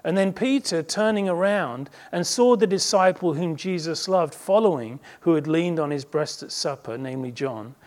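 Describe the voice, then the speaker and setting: A male pastor delivers a sermon in a fairly high-pitched voice. He speaks earnestly, pressing his points with emphatic repetition that swells as he goes. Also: lively intonation, moderate pace, few pauses, darkish tone. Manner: earnest, emphatic preaching that swells in repeated phrases.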